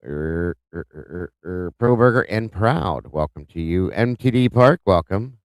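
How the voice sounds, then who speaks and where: A deep-voiced man hosting a live stream, greeting viewers one by one in a chatty, upbeat way. His voice is smooth and clear, recorded close and dry with no room sound. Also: animated, a little slow, no room sound. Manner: upbeat, chatty, reads out viewer names warmly with small stumbles. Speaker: host of a live true-crime stream.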